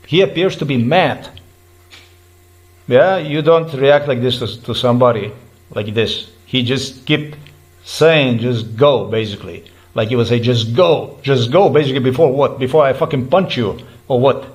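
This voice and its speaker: A man's voice: mid-range voice, unhurried, low-quality recording. A man giving an agitated personal account, talking in repetitive restarts and swearing when heated. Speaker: vlogger recounting a roadside dispute.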